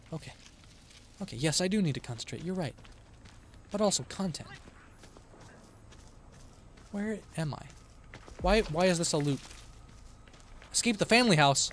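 Excitable male gaming streamer. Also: a little high, moderate pace, long pauses, a little hiss or hum. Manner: excitable, yelps and shouts when startled, then mutters quietly. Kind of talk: live horror-game commentary.

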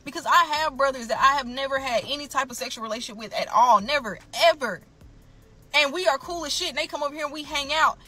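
A woman's voice: high-pitched, fast talker, bright, forceful tone, soft background music. A woman telling her own story to camera, blunt and emphatic, often calling out to her viewers.

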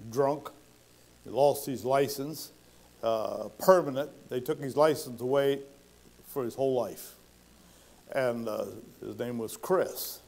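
A man's voice: medium pitch, darkish tone. A male pastor telling stories in a folksy sermon style, acting out the people he quotes. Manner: folksy, acts out quoted voices with rising intensity. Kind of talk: sermon storytelling.

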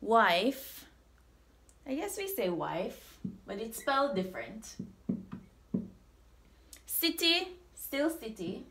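Jamaican lady teaching a lesson, talks real slow, says words twice so you can repeat. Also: a little high, very animated, fairly bright tone. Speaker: language teacher.

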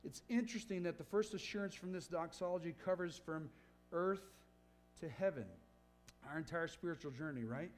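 A man's voice: fairly high pitch, normal speed, faint music behind. A pastor preaching a sermon in church, earnest and emphatic, often checking in with his listeners. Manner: earnest, emphatic preaching with frequent "right?" asides.

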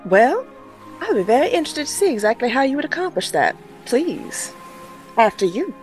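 A woman's voice: high-pitched, very animated, a little fast, soft background music, pitched above the performer's own voice. A woman voicing a sweet-talking, blunt female ship captain. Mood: businesslike.

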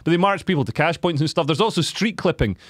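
A man's voice: fairly high pitch, animated, quick pace, no echo, clean studio sound. A man on a casual podcast, explaining things in a matter-of-fact way. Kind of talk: casual chat.

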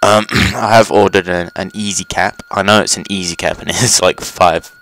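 Playing a game on his channel, a young male host gives casual let's play commentary, rambling with fillers and cursing at enemies. His low voice holds a steady tone, slightly bright, at normal speed, captured in a noisy home recording.

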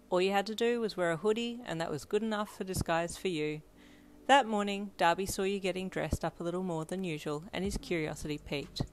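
A woman narrating a fan fiction audio story in a brisk, plain storytelling manner. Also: fairly low pitch, slight background noise.

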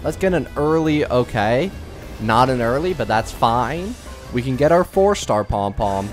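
A young man talks through a gacha-game pull session in a loose, casual way. He is excitable and self-mocking, and he pleads with the game as if it were a friend. His voice sits at an ordinary middle pitch, with soft game music in the background. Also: unhurried. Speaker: gaming YouTuber.

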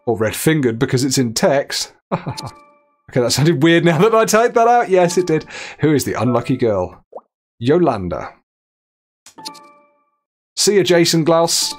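A man's voice: on the high side, big pitch swings, measured pace, pauses often, soft background music. A man streaming a game, joking his way through it and reading texts and chat messages aloud. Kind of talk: gameplay commentary.

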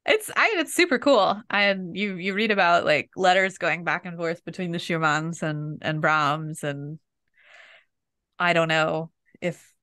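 A woman's voice: lowish voice, measured pace, a bit bright, no echo, clean studio sound. A middle-aged woman and flutist telling wry, self-deprecating stories in a casual podcast chat.

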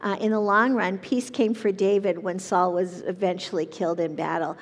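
A woman leading a Bible study, reading verses aloud and explaining them in an earnest, measured way. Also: mid-range voice, steady tone, long reverb tail. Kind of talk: reading and teaching scripture.

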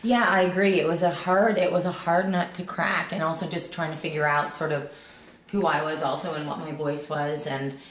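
A woman's voice: low voice, steady tone, normal speed, slight background noise. Chatty young-sounding woman, roomy echo. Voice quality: young-sounding voice, not girly. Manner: chatty, laughs easily, many fillers and restarts. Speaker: voice actor guest. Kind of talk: casual interview chat.

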